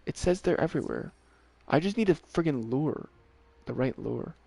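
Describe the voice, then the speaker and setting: A man streaming a video game, talking casually to himself and to the characters on screen, swearing often and getting worked up quickly. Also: fairly high pitch, expressive, vocal fry, darkish tone, no echo. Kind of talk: casual gameplay commentary.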